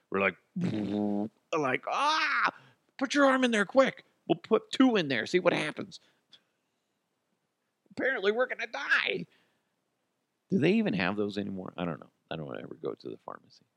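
Animated, swearing male podcast host. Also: on the low side, vocal fry, no echo, studio quality. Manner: profane, animated riffing on listener stories. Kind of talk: casual comedy chat.

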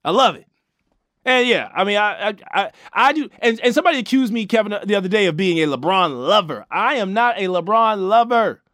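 A man's voice: high-pitched, animated, fairly quick, fairly bright tone, no echo, clean studio sound. A man hosting a sports talk show, giving emphatic, casual opinions with lots of slang and restarts.

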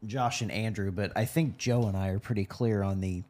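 A man's voice: lowish voice, steady tone, brisk, warm tone. A man co-hosting a podcast, giving firm, emphatic opinions about movies. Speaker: podcast co-host. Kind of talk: casual movie review chat.

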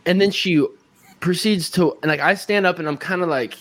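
A young man in his twenties, a guest musician on a podcast, telling an anecdote in a casual, animated way and acting out his own reactions. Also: high-pitched, fairly quick, no echo. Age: 20s. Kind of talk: casual chat, storytelling.

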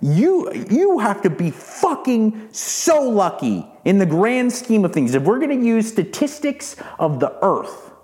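Male podcast host in his forties, heated profane rant with a lively, swinging delivery. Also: high-pitched, unhurried, few pauses. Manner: heated, profane, repeats words when worked up. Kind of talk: ranting monologue.

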